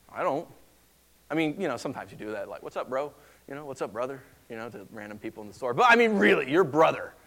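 A man preaching a sermon in a conversational, animated way, acting out the voices he quotes. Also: high voice.

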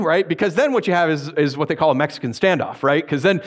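A man preaching a sermon, reading scripture and telling stories with lively, acted-out voices. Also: a little high, a little fast. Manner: animated storytelling with acted-out voices.

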